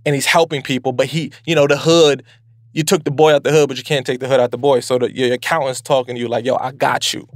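A man from Brooklyn hosting a podcast, giving casual advice in an animated, playful way full of slang. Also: medium pitch, quick pace, no room sound, clean studio sound. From Brooklyn, New York. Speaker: podcast host.

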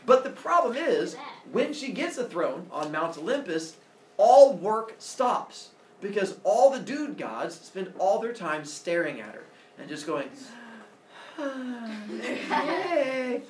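A man's voice: sits high, big pitch swings, measured pace, slight background noise. A man teaching a class, retelling a myth in a playful, jokey way. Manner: playful, jokey, laughing often. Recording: echoey classroom from far off.

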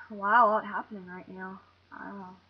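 A young woman doing let's play commentary, jumpy and excitable, talking to herself, shaky and teary. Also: mid-range voice, a little slow, breathy edge. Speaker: gamer. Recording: dull lo-fi home recording with faint hiss.

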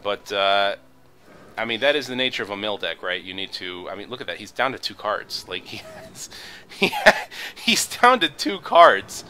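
A man's voice: on the low side, moderate pace, sharp tone, slight background noise. A man giving casual, joking commentary over his own card game, rambling and poking fun at himself. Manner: joking, self-deprecating, rambling with fillers. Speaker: gaming video commentator.

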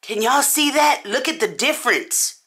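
A woman chatting casually to camera as a beauty vlogger, animated and talking straight to her viewers. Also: sits high, moderate pace. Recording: echoey room.

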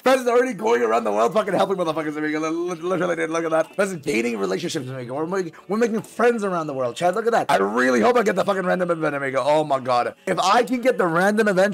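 A man casually narrating his strategy game session, excitable and swearing freely. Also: sits high, rapid-fire, vocal fry, hardly any pauses. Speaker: streamer playing a strategy game. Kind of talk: casual gaming commentary.

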